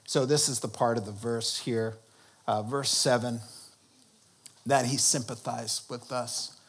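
A man preaching a sermon. He asks the congregation questions and rises into high, emphatic bursts to make his points. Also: fairly even intonation, a little slow, husky.

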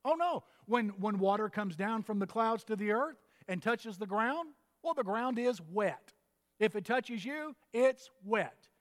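High-voiced older preacher in a hall. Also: male voice, animated, measured pace. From Texas. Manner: folksy storytelling preacher, humorous asides. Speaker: pastor. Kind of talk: sermon. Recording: reverberant hall.

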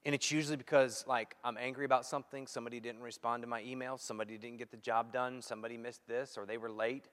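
Man preaching a sermon, acts out little back-and-forths, goes loud then quiet, big echoey hall. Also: medium pitch, quick pace, few pauses. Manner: animated, acts out quoted dialogue; swings from loud to hushed. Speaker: pastor. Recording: long hall reverb.

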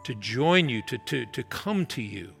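Man, pastor, earnest sermon delivery, bright forceful tone, faint music underneath. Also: mid-range voice, animated, gravelly. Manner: earnest, emphatic preaching with slow prayerful stretches. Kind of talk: sermon with closing prayer.

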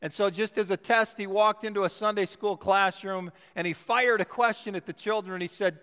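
A man's voice: sits high, fairly even intonation, a bit bright, smooth. A male pastor preaching a sermon in a church, stressing key words by drawing them out. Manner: emphatic, drawn-out phrasing on key words. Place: church sanctuary. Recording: long church reverb.

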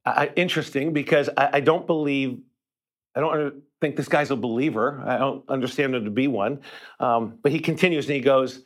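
A male pastor telling a personal story in a sermon, talking conversationally, often repeating words, and going quiet for tender parts. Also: medium pitch, a little fast. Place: church sanctuary.

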